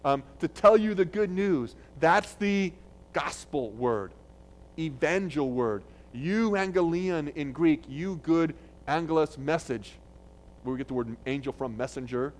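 A male pastor delivers a sermon in an easy, conversational way. His voice sits a little high for a man. He restarts phrases often and gets louder when he quotes a text. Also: animated, a little slow. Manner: conversational preaching with restarts, loud when quoting.

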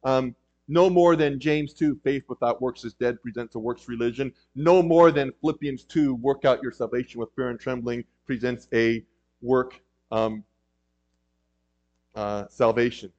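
A man's voice: medium pitch, a little slow, darkish tone. A man preaching a sermon in a conversational way, with frequent ums and emphatic rises. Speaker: pastor. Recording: dull lo-fi recording.

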